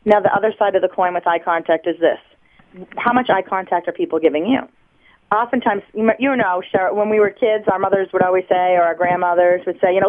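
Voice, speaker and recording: A woman from the United States, a body language expert, explaining on a radio show in a lively teaching tone over the phone. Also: medium pitch, fast talker. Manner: lively teaching tone, acts out examples. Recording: tinny phone line.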